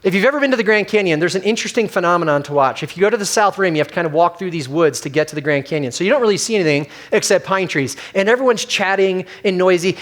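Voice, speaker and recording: Male pastor, middle-aged, higher voice, casual animated sermon delivery. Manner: conversational, animated storytelling with acted quotes.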